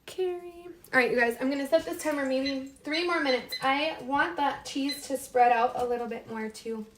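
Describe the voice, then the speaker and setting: A woman with a bright, high voice hosts a live cooking stream from her home kitchen. She chats loosely with viewers, reads their names aloud and talks to herself as she works. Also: moderate pace, a little hiss or hum. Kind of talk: casual live-stream chat while cooking.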